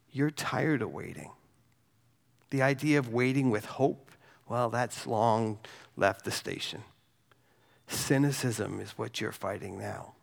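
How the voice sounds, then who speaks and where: A man preaching a sermon, reading scripture slowly and softly, then talking conversationally and asking the congregation questions. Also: mid-range voice, gravelly.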